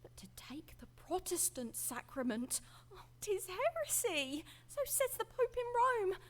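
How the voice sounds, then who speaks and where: Anxious Catholic lady, game character, formal old-fashioned speech, high voice. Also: very animated, measured pace, a bit bright, full character voice.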